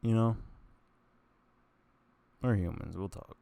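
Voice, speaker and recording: Young male vlogger, very low gravelly voice, loose meandering monologue to camera, breaks off mid-thought. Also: slow, dark tone. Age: young adult. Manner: meandering, self-interrupting, laughs at own stories. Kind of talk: rambling casual monologue. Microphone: camera mic.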